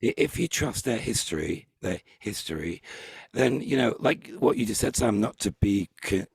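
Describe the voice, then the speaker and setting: A man hosting a casual group chat, talking in halting bursts full of restarts. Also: fairly low pitch, expressive, vocal fry, a little mellow, breathy edge, no echo. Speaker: host.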